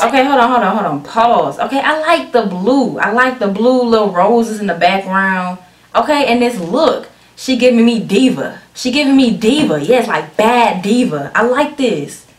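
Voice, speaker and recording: Excitable woman vlogger in an echoey room. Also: fairly high pitch, moderate pace, soft background music. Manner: excitable, talks straight to viewers, frequent restarts. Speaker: reaction vlogger. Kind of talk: casual chatty video commentary.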